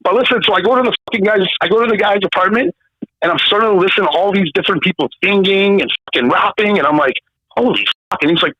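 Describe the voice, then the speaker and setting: A man's voice: high voice, fast talker, no room sound. A man of about fifty from Canada, telling a story in a casual interview, swearing freely and acting out the people in it. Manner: swearing, animated, acts out the people in his story. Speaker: guest. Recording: dull lo-fi sound.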